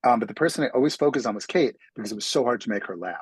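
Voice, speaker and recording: A man's voice: medium pitch, lively intonation, very fast, breathy edge, no room sound, rough recording. A man from New York City, an author, telling self-deprecating stories as an interview guest. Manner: self-deprecating storyteller with frequent restarts. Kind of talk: casual interview conversation.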